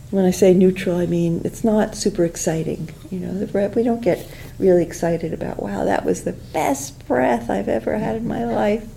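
Woman, meditation teacher, mellow low voice, gravelly edge, faint room hum. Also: poor audio. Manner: gentle, unhurried, many fillers and restarts. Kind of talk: guided mindfulness talk.

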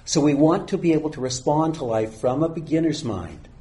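A man calmly giving a dharma talk as a meditation teacher, speaking unhurriedly. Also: on the high side, slight background noise. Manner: calm, unhurried, reads a teaching poem slowly.

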